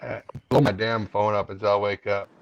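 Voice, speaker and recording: A man with a lowish, steady voice hosts a live stream, chatting casually and speaking a little fast in a candid, earnest manner. The stream audio is muffled and lo-fi, with background noise.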